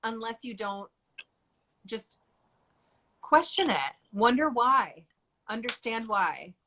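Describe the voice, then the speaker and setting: A woman hosting a casual online chat, talking in an animated way, swearing and laughing now and then. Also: fairly high pitch, slow. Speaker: host.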